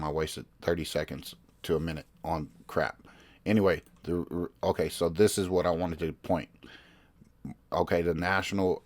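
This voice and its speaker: Podcast host, male, very low voice; casual, rambling news commentary that keeps breaking off to search the page. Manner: rambling, self-interrupting, reads articles aloud.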